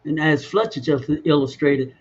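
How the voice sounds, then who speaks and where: A man hosting a talk show, speaking in a slow, halting, reflective way. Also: on the high side, husky, lo-fi sound. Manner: slow, halting, searching for words. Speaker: host.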